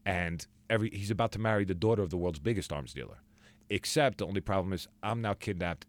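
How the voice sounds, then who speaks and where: A young man, a guest actor, telling stories in a casual podcast chat, acting out quotes with big jumps in pitch. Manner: animated storyteller who acts out quotes with big pitch jumps.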